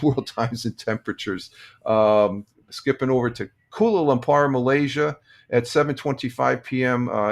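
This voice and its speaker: An older man hosting a casual morning live stream, talking in a rambling, halting way with many restarts and chuckles. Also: lowish voice.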